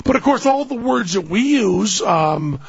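A man's voice: high-pitched, expressive, measured pace, gravelly, slightly rough, no room sound, highs cut off. An older man rambling through a funny anecdote in casual chat, often laughing as he talks. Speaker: guest storyteller.

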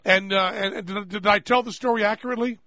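A man's voice: high voice, fairly even intonation, pushed and bright, dry recording. A man hosting a radio show, chatting loosely, joking and laughing as he rambles. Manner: rambling, jokey, quick to laugh. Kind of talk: casual radio talk. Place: radio studio. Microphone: studio microphone. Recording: dry, dull-toned studio sound.

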